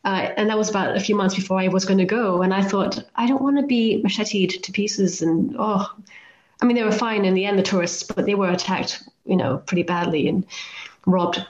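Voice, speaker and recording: A woman's voice: mid-range voice, fairly even intonation, fairly quick. Chatty woman telling stories in a roomy room. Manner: chatty, self-deprecating, acts out quoted lines. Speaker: guest author and volcano climber. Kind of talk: anecdotal storytelling in a podcast interview. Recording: roomy, slightly dull remote audio.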